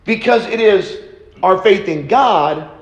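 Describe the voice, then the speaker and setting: Brief: male preacher, high voice, slow and deliberate, echoey church hall. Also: expressive, lo-fi sound. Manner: slow, deliberate teaching with repeated phrases. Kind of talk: sermon. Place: church auditorium.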